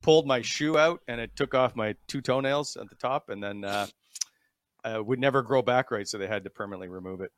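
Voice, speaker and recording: Easygoing co-host, dry close sound. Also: male voice, medium pitch, a little fast, dry recording. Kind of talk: casual chat.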